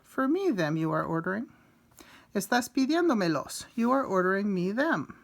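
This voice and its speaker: A woman teaching from her notes, with a voice of middling pitch. She explains each point step by step and repeats every example sentence for her students. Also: sing-song, moderate pace, vocal fry. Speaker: Spanish teacher. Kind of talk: recorded lesson.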